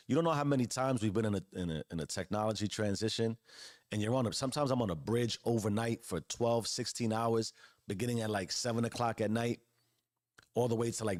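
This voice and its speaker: A man in his forties hosts an earnest motivational monologue, preaching with casual slang and repeated phrases. His mid-range voice is captured on a close podcast mic in a dry recording with clean studio sound.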